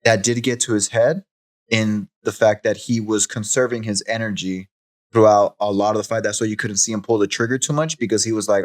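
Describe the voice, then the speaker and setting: A man co-hosting a podcast, chatting casually about a fight, animated and quick to laugh, often repeating words. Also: fairly low pitch. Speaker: podcast co-host. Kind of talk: casual fight recap chat.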